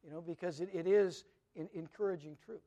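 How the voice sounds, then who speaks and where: A middle-aged pastor delivers an earnest, conversational sermon that blends personal stories with teaching. His voice is high, brisk, and warm.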